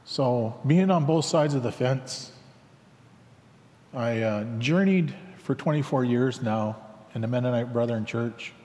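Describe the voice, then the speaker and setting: A man telling his personal story in a reflective, halting way with many fillers, acting out both sides of remembered conversations. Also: mid-range voice, a little mellow, big-room sound. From Canada. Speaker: speaker sharing his life story.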